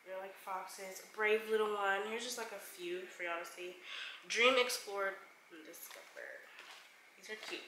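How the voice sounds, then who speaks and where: A young woman talks casually to her camera, gushing over gifts and calling viewers y'all. Her voice is bright and forward, and the room sounds echoey with a faint background hiss. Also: medium pitch, steady tone, measured pace. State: expecting a baby. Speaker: vlogger showing baby shower gifts. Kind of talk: casual haul vlog.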